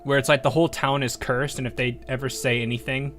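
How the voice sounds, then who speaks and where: A man's voice: mid-range voice, flat delivery, quick pace, fairly bright tone, soft background music. An American man giving casual commentary while playing a game, rambling into asides and laughing often. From United States. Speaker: game streamer.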